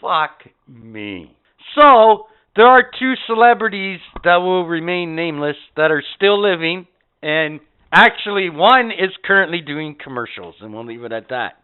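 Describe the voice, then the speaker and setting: A man hosting a podcast, telling an anecdote casually with lots of swearing and animated delivery. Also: high voice, normal speed, clean tone. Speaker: podcast host. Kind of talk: casual storytelling. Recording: tinny phone-like sound.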